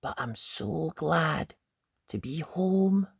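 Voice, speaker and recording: A man voicing little girl Dot, slow and gravelly. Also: sits high, fairly even intonation, no echo, voice pushed up, heavily acted. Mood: happy. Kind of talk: storybook read-aloud.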